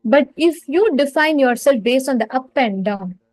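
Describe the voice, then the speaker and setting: A woman's voice: high-pitched, animated, moderate pace, a little mellow, no echo, low-quality recording. A woman teaching a live online spiritual course, telling an earnest story, repeating key phrases and speaking straight to her viewers. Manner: addresses viewers directly and reads their names from the chat.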